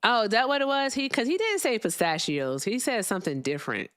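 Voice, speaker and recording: A woman's voice: on the high side, lively intonation, brisk, fairly bright tone, clear, resonant tone, no room sound, clean studio sound. A woman hosting a live call-in debate show, blunt and sarcastic, now and then swearing. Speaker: host.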